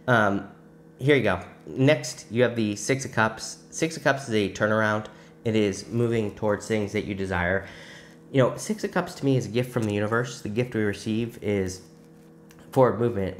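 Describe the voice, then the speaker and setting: Low-voiced man giving a tarot reading. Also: slight background noise. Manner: conversational, musing, many "I feel" asides. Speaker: tarot reader. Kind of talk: weekly tarot reading for viewers.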